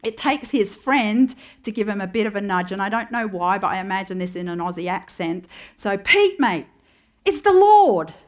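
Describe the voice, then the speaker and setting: Speaking at a middling female pitch, this preacher gives a sermon in a relaxed, conversational style, her tone steady and her pace a little fast. She retells a story while musing aloud to the congregation and dropping in small, dry asides.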